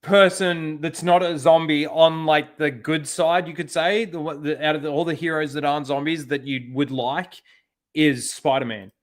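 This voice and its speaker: A man talking loosely on his own livestream, his voice sitting a little higher than most men's. He rambles through asides and fillers and drops a swear word now and then. The talk is casual reaction commentary, loose and unscripted. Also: fairly even intonation, moderate pace. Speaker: channel host.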